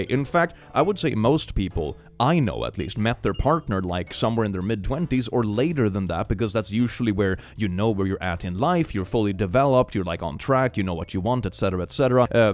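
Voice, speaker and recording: A man's voice: on the low side, a little mellow. A young man giving sarcastic, comedic commentary while reading chat messages aloud and laughing often. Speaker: online commentator.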